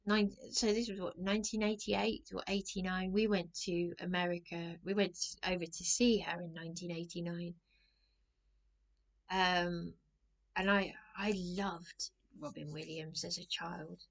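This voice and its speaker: A woman's voice: fairly low pitch, steady tone, measured pace, gravelly. A middle-aged woman telling a rambling personal story to camera, anxious and often breaking off mid-sentence. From England. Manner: anxious, rambling, self-interrupting. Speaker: vlogger.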